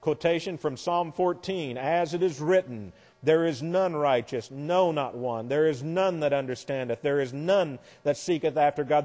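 A man's voice: on the high side, normal speed, hardly any pauses, darkish tone. A man teaching a Bible class lecture, explaining verses step by step with wry asides. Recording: long hall reverb.

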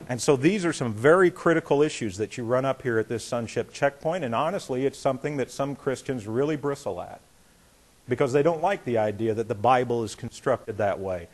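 Male pastor, middle-aged, preaching conversationally and voicing the people in his stories, mid-pitched voice. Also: a little fast. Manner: conversational, animated, acts out quotes. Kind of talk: sermon with storytelling.

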